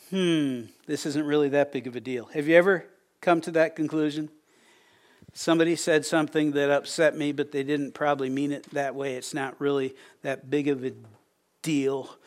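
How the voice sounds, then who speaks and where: A middle-aged man delivers a sermon in a folksy, storytelling way, often stumbling over his words and restarting. His voice sits a little higher than most men's. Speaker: pastor.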